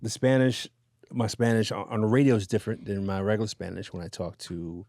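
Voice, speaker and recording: A low-pitched man chatting as a guest on a podcast, easygoing and anecdotal, pausing on fillers. The sound is dry and close, with little room around it. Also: no room sound. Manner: relaxed storytelling with fillers and laughs. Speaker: radio DJ guest. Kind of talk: casual interview chat.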